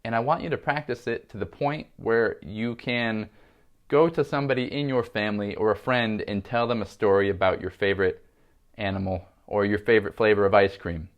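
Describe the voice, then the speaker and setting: A man teaching a music lesson, calmly explaining and counting beats aloud. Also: fairly low pitch, lo-fi sound. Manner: calm, steady instruction, counting beats aloud.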